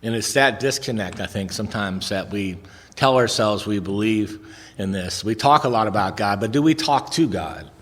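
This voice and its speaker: A man's voice: lowish voice, animated, moderate pace. Man sharing in a reverberant hall. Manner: earnest storytelling with repetitions and restarts. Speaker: recovery speaker. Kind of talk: recovery meeting share.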